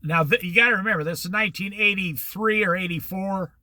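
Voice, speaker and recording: A man's voice: sits high, fairly quick, sharp tone, no echo. An older man telling a long, rambling personal anecdote in a casual storytelling monologue, acting out the back-and-forth of old conversations. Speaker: host.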